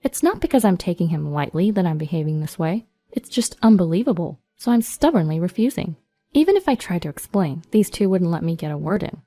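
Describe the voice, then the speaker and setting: A woman narrating a first-person story in an even, measured reading voice. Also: on the low side, no echo.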